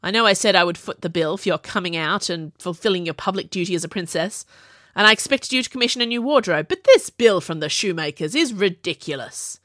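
A woman's voice: lowish voice, lively intonation, brisk, a bit bright, dry recording. A woman voicing a stern, short-tempered middle-aged king who talks brusquely, recorded on a close mic. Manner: demanding, brusque.

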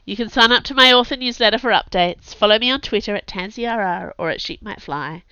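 A woman, an author and podcast host, narrating a story aloud in a lively, expressive way, on a dull lo-fi recording. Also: mid-range voice, a little fast, clean tone, no echo. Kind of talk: scripted audiobook narration. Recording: dull lo-fi sound.

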